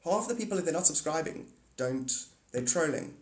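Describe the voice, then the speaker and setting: Guy rambling on his livestream, blunt and swears a lot, kinda high voice, echoey room. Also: lively intonation, a little fast. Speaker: livestream host. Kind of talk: casual livestream chat with viewers.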